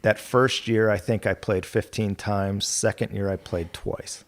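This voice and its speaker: A middle-aged man with a fairly low voice telling casual golf-course stories on a podcast. He rambles from one anecdote to the next, quoting people along the way and laughing. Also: fairly even intonation, a little slow. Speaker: golf club territory manager guest.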